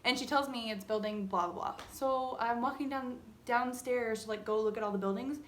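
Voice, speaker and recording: Animated young woman telling a story. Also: on the high side, normal speed, few pauses, a little hiss or hum. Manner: animated, swears freely, dramatic retelling. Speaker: vlogger. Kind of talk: casual storytime chat.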